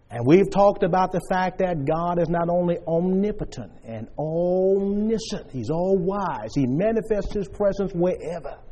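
A man preaching a sermon to a congregation, stressing points loudly and then dropping to quiet asides. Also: on the high side, slight background noise. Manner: emphatic, swings between loud stresses and quiet asides. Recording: long reverb of a church hall.

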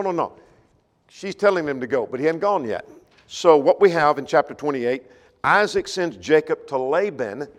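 Man teaching a Bible class in a reverberant hall. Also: a little high. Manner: thinks aloud, with frequent restarts and repeated words.

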